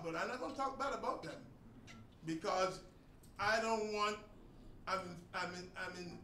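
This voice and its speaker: A congregation teacher gives sermon teaching in a high, bright voice, emphatically pressing his points and then dropping to a soft, low tone. The mic is distant in an echoing room, with faint noise underneath.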